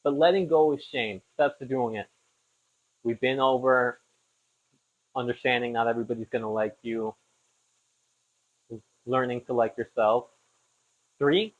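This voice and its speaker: While cooking at home, a young man hosts a podcast, talking casually and wandering off on tangents with jokes at his own expense. He speaks in a mid-range voice at normal speed, pausing often, on slightly dull lo-fi audio.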